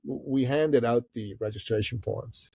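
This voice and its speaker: A middle-aged man from Iran, appearing as a guest entrepreneur, recounts a story on a podcast and animates each person in it. His voice is mid-range at a normal pace, with a creaky quality and a breathy edge.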